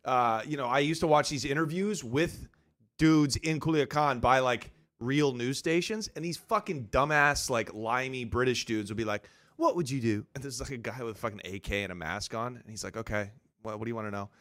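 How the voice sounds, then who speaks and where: On a casual podcast, a young man with a medium-pitched voice tells animated stories at normal speed, acting out quotes and swearing freely.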